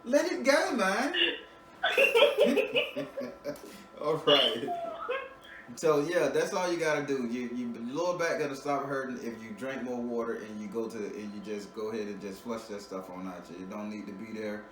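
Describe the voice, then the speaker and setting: A man gives a client a spiritual reading in a loose, joking way, swearing freely and laughing between points. He stumbles and repeats words as he restarts. His voice sits back from the mic in a roomy space, with steady background noise behind it. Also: medium pitch, fairly quick, few pauses, far from the mic. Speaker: spiritual reader giving a tarot reading.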